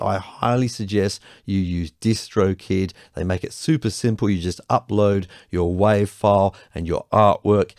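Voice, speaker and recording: A man's voice: fairly low pitch, darkish tone, dry recording. A man teaching music production in a home studio, explaining patiently step by step and checking in with the listener. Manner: patient, reassuring, explains step by step with frequent "okay?". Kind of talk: tutorial explanation.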